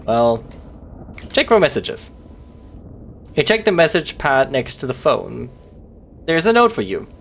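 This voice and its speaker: Game-reading streamer, expressive and talkative, with a very lively pitch. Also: measured pace, gravelly, pauses often, a little hiss or hum. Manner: expressive narration, chatty asides to chat. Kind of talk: reading a text adventure game aloud on a livestream.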